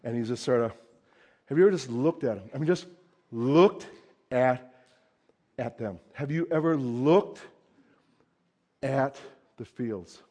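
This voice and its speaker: A pastor giving a conversational sermon, swinging between loud emphasis and hushed asides. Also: male voice, medium pitch, unhurried, long pauses.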